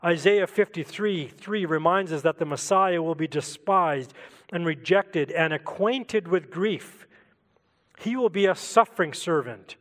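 A man preaching a sermon in a reflective way, asking rhetorical questions and slowing down for emphasis. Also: on the high side, long reverb tail.

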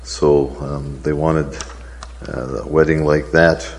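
A man delivers a sermon in a very low, slow voice, easing into a story with ums and uhs. His words ring out with a long reverberant tail. He takes his time between phrases. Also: little pitch movement. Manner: unhurried storytelling with fillers. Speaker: pastor.

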